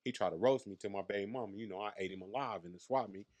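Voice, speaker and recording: The guest, a comedian in his thirties from Las Vegas, USA, races through boastful, crude stories during an informal interview. His voice is lowish and darkish in tone.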